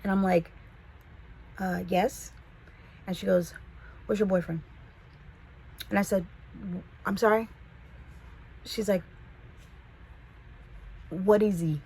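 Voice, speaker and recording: A woman's voice: medium pitch, takes it slowly, long pauses, husky, poor audio. Chatty woman from the Valley telling a story. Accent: Californian English. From Los Angeles, the Valley. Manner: chatty, animated, quotes people in voices. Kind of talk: casual storytime vlog.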